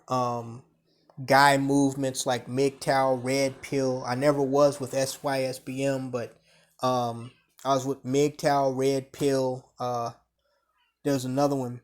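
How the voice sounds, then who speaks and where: A man telling a story in a blunt, profane vlog rant, animated and conversational. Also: medium pitch. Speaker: vlogger. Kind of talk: casual storytelling rant to camera.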